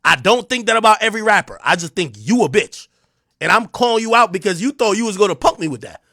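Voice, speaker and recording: A man's voice: lively intonation, quick pace, gravelly, no echo, clean studio sound. Taunting man ranting on a livestream. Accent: New Jersey. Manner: taunting, confrontational, swings between loud and low. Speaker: livestream host. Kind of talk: heated livestream rant. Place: home streaming room.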